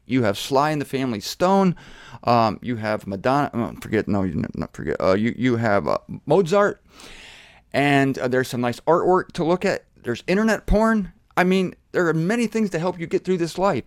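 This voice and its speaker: Animated, irreverent man preaching. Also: on the high side, no room sound, studio quality. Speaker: Bible teacher. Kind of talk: casual sermon on camera.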